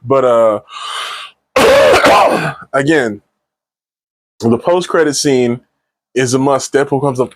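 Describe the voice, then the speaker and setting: A man's voice: medium pitch, very animated, slow pace, long pauses. Enthusiastic rambling man reviewing a movie. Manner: enthusiastic, rambling with frequent restarts. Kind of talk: casual solo movie review.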